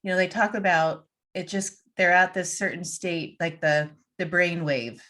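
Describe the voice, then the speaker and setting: A woman's voice: lowish voice, normal speed, sharp tone. A woman hosting a conversational interview, encouraging her guest with short reactions and laughs. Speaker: interview host.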